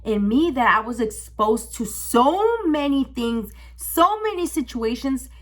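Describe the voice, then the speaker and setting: A young woman telling a storytime vlog in casual chat, animated and full of restarts. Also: a little high, measured pace. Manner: animated, with dramatic gasps and frequent restarts. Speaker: vlogger.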